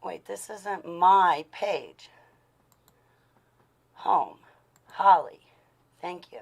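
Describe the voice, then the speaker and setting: A woman's voice: on the low side, lively intonation, very slow, creaky, long pauses. Breathless woman chatting casually. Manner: chatty, apologetic, breathless asides. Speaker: video host. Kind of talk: casual chat.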